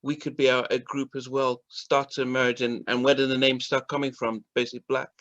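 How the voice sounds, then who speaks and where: A man's voice: medium pitch, little pitch movement, a little fast, a bit bright, highs cut off. A man interviewing a guest, asking curious, rambling questions full of restarts.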